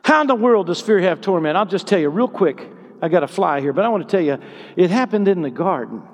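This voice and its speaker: A man preaching a sermon with passion, his voice swinging between hushed, tender stretches and loud, soaring exclamations. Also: high-pitched, lively intonation, fast. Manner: impassioned, swinging from hushed to shouting. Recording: long hall reverb.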